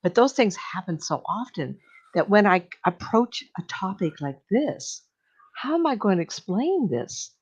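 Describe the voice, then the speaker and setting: An older woman, a medium, telling stories casually on a radio show in a chatty, animated way, often laughing. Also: mid-range voice, unhurried, slightly rough, highs cut off. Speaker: psychic medium guest.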